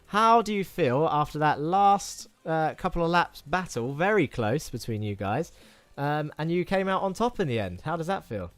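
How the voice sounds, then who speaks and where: A man's voice: on the high side, lively intonation, normal speed, no room sound. A man with a British accent hosting a live sim racing stream, interviewing drivers, reading chat aloud and calling the race. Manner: chatty, rambling, reads chat messages aloud. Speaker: sim racing host and commentator.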